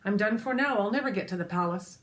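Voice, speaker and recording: A woman's voice: mid-range voice, fast, lightly acted. A woman doing an eager, foolish little pig.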